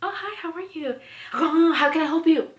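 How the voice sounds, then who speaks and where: A woman's voice: very high voice, moderate pace, voice pushed up. A woman putting on the voice of a brusque female salon worker, sing-song and abrupt. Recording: echoey room.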